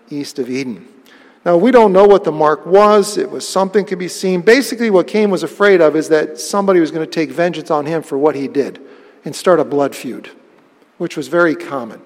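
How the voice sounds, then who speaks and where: Guy preaching a sermon, kinda high and gravelly, big emphatic bursts, echoes around the hall. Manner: lively storytelling with bursts of emphasis. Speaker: pastor.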